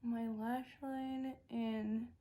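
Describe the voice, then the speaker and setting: A woman's voice: fairly high pitch, level tone, very slow, dark tone. A young woman vlogger chatting casually as she swatches eyeshadow and talks through each makeup step. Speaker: beauty vlogger. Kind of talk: casual makeup tutorial talk.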